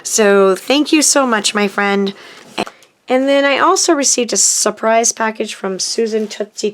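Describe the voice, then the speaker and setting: A woman's voice: on the high side, unhurried, slight background noise. A middle-aged woman hosting a papercrafting channel, chatting casually and gushing about mail she received, with frequent ums and restarts. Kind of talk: casual happy-mail chat to camera.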